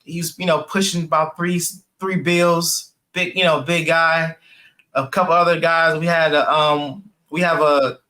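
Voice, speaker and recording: Here a young jiu-jitsu purple belt, appearing as a podcast guest, swaps casual stories in an animated way, voicing the people in them. His voice is a little high, he laughs frequently, and "like" and "man" come up constantly.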